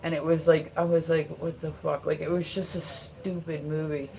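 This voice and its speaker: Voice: medium pitch, little pitch movement, normal speed, dark tone, slight background noise. A livestreamer in their forties from Pennsylvania, chatting casually at home in a rambling way, full of "like"s, with frequent laughter and casual swearing. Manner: rambling, filler-heavy, swears freely, laughs often.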